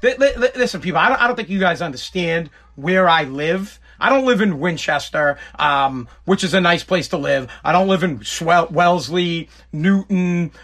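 A man in his thirties hosts a podcast, ranting casually with lots of swearing and repetition. His voice sits high and fairly bright, with lively intonation, a moderate pace and hardly any pauses.

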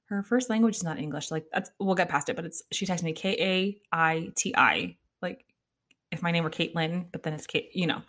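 A woman's voice: lowish voice, normal speed, fairly bright tone. Chatty, exasperated young woman podcaster. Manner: chatty, exasperated, laughs often, swears casually. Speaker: podcast host. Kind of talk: casual solo podcast rambling.

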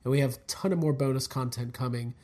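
A man's voice: medium pitch, quick pace, mellow. Jokey, swearing male podcast host. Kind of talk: casual podcast banter.

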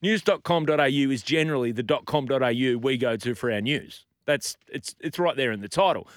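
A man's voice: medium pitch, brisk, dry recording, studio quality. An Australian man co-hosting a radio show, chatting casually and getting worked up, laughing often. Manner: animated, gets fired up, laughs often. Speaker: radio co-host. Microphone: studio microphone.

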